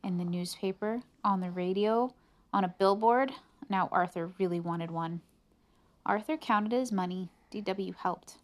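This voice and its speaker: A woman reads a picture book aloud to a child in an expressive voice of middle pitch. She pauses for friendly, chatty asides between pages. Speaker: reader to a child.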